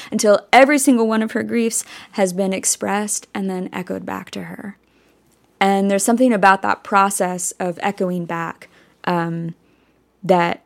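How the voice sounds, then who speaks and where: A young woman, a singer-songwriter, introducing a song at a live show, telling its backstory in a hesitant way with frequent fillers. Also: medium pitch.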